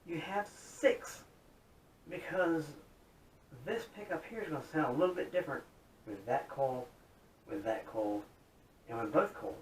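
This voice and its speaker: A guitar hobbyist gives a casual, folksy demo, chatty and upbeat as he shows off his modified guitar. The recording sounds roomy, from a distant mic, with a faint rumble.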